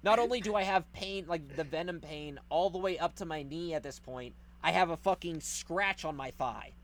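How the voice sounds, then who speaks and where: A man telling a story in casual podcast chat, animated and profane, acting out the people in it. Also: a little high, normal speed. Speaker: podcast host.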